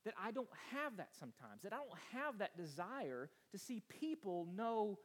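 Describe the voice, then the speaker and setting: A man's voice: high-pitched, sing-song, moderate pace. Earnest man preaching a sermon. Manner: earnest, rambling storytelling with restarts. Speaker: pastor.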